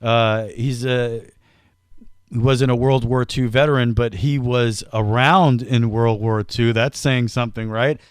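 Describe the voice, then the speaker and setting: A man's voice: mid-range voice, fairly even intonation, measured pace, smooth, no room sound, clean studio sound. A man hosting a casual comedy podcast, teasing his co-host and stringing out a story to build up the punchline.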